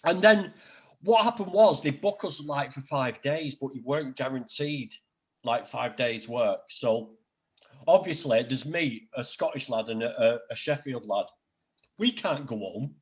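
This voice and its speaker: A man's voice: mid-range voice, unhurried, highs cut off. A middle-aged man with a Northern English accent, chatting as a podcast guest and telling blunt, sweary stories. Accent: Northern English, Greater Manchester. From Northern England. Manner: blunt, sweary, animated anecdotes. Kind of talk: casual chat, storytelling.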